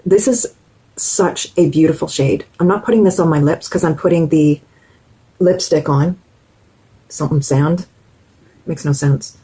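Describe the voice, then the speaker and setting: Husky-voiced woman chatting through a makeup tutorial. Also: deep voice, unhurried, long pauses, mellow, low-quality recording. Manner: chatty, enthusiastic, talks to viewers directly. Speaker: beauty vlogger. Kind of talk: casual makeup tutorial chat.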